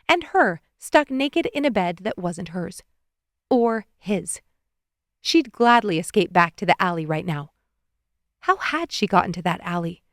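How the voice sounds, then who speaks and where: A woman's voice: on the high side, a bit bright, no echo. Woman reading an audiobook, dry close sound. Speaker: audiobook narrator. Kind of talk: scripted audiobook narration.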